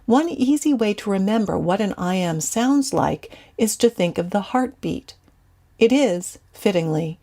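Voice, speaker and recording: A woman teacher giving a scripted, measured lecture to students. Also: on the low side, a little mellow.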